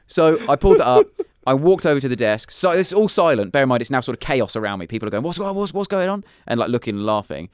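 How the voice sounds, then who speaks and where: A man's voice: mid-range voice, quick pace, clean tone, no room sound, studio quality. A British man in his thirties, a comedian telling funny stories on a podcast and acting out voices. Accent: British English. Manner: animated, acts out voices in anecdotes. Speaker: comedian guest. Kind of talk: casual podcast storytelling.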